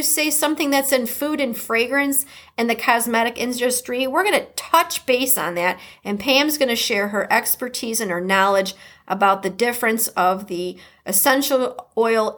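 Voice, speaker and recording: A woman with a slightly high, somewhat bright voice and a Midwestern accent hosts a podcast. She's chatty and upbeat, reading her introduction and sponsor message with playful interjections.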